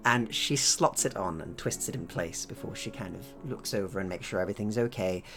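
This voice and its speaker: A man narrating a tabletop horror game as game master, relaxed and hesitant with many fillers. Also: low voice, a little fast, music in the background.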